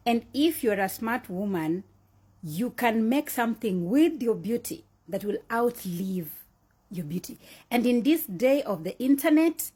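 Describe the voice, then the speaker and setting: A woman's voice: medium pitch, warm tone, breathy edge. A woman sharing earnest advice in a casual monologue, repeating points for emphasis.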